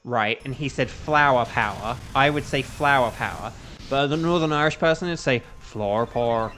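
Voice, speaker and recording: A man's voice: mid-range voice, normal speed, sharp tone, slight background noise. A young English man chatting casually with his stream chat while playing a game, rambling and humming to himself between moves. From England. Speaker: gaming streamer.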